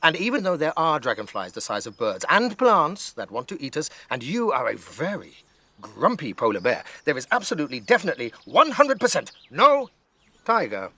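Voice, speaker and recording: A man's voice: on the high side, brisk, no room sound, voice pushed up, heavily acted. A man doing a stubborn little girl. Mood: insistent. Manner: flat, matter-of-fact, then insistent.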